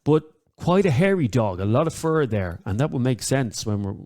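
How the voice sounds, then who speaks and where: A man's voice: medium pitch, big pitch swings, normal speed, darkish tone. An Irish man hosting a talk radio show, chatting to listeners with lots of ums and uhs and repeating the number to call.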